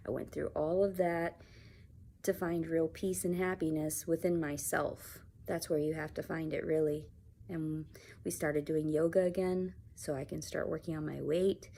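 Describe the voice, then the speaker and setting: A woman talking to camera in a personal vlog, soft-spoken and reflective, sometimes sinking to a whisper. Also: low voice, fairly even intonation, moderate pace, a little hiss or hum. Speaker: vlogger.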